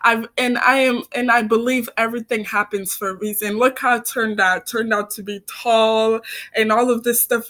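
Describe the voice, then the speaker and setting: A woman's voice: on the high side, moderate pace, a bit bright. A young woman vlogging about her own life, earnest and heartfelt, often stumbling and repeating words as she speaks into a phone camera. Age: young adult. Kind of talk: personal storytelling to camera.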